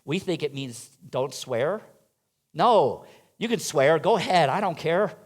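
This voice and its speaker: A man with a high-pitched voice delivers a sermon in a church sanctuary. He asks his listeners rhetorical questions and drops in light, playful asides to them. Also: animated, measured pace. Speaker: minister.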